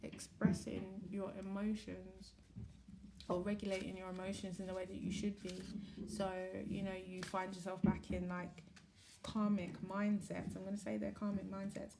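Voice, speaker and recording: A woman giving a casual, rambling spiritual talk to camera, candid and quick to correct herself, with the odd swear. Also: medium pitch, gravelly, heavy background noise. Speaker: spiritual reader and vlogger.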